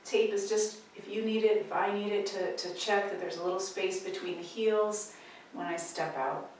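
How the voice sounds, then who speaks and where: A woman leading a tai chi practice, cueing movements calmly and gently with pauses between steps. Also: mid-range voice, far from the mic, slight background noise. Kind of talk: guided movement instruction. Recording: echoey room, voice from off-mic.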